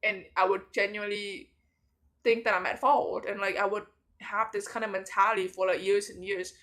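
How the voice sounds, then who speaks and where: In a late-night confessional vlog, a tired young woman soon heading to university rambles on, leaning heavily on fillers and the word "like." Her voice is medium-pitched, fairly bright, and steady at normal speed.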